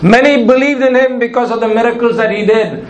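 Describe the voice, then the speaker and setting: A man's voice: extremely high pitch, brisk, echoey room, slight background noise, rough recording. A male pastor preaching a sermon, emphatic and repeating his key phrases.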